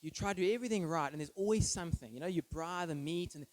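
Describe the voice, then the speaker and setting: Man preaching, earnest and emphatic, rhetorical questions, slightly high voice, dry close sound. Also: fast, no room sound, poor audio. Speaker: pastor. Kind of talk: sermon. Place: church.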